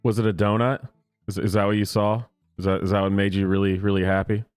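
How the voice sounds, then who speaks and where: A low-voiced man riffs sarcastically on clips he is watching, often breaking into laughter. His voice sits dry and close, with faint music under it. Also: little pitch movement, fast, clean tone, no echo. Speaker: reaction video host. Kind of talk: comedic reaction commentary.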